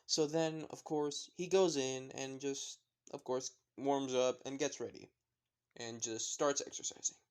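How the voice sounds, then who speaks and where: A man's voice: medium pitch, clear, resonant tone. A man casually narrating a fan story in a rambling way, full of fillers and apologetic asides.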